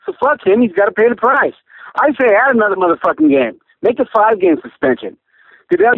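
A man's voice: very high-pitched, vocal fry, no room sound. A man phoning in an angry, profane rant, cursing constantly. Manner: profane, furious ranting. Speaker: caller. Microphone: phone. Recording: tinny phone line.

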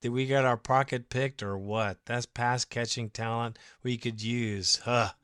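A man's voice: medium pitch, steady tone, unhurried, fairly bright tone, no echo, studio quality. A man hosting a fan podcast, reading listener comments and ranting emotionally, swearing freely in a casual monologue.

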